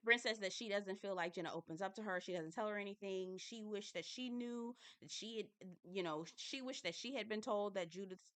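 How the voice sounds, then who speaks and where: A woman's voice: medium pitch, a bit bright, no room sound. A woman recapping a reality show in a casual, candid and chatty way, swearing now and then.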